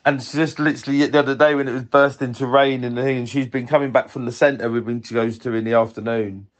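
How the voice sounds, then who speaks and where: A man, telling a personal story in a reflective, tender, unhurried way. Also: medium pitch, fairly even intonation.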